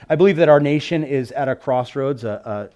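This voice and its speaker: A man's voice: mid-range voice, moderate pace. Preaching man reading scripture aloud. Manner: swings from loud scripture reading to quiet reflective asides; reads Bible passages aloud with emphasis. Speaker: pastor. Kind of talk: sermon.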